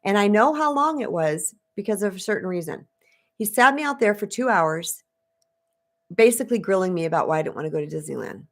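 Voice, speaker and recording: A spiritual coach in her fifties from the United States tells a personal story to live viewers, candid and chatty, acting out the voices she quotes. Her mid-range voice is expressive and brisk.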